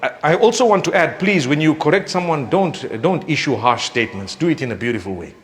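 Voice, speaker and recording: A man with a fairly high voice preaches in a relaxed, conversational way. He gives gentle advice and brings his stories to life by acting out the people in them. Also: a little fast. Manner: animated, acts out quoted speakers; recites scripture in melodic chant. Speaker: Islamic preacher. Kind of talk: conversational sermon.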